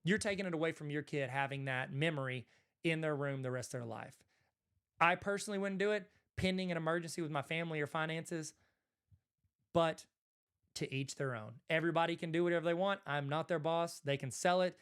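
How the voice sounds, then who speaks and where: Southern man with a slightly high voice. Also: fairly quick, fairly bright tone, clear, resonant tone. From Arkansas, USA. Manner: conversational, rambling, self-correcting asides. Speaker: host, card collector. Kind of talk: casual talking-head commentary.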